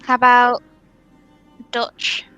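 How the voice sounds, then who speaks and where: Brief: bright, animated woman, higher voice, faint music behind. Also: extremely slow, dull audio. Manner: curious, encouraging. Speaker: stream co-host. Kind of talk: casual stream chat.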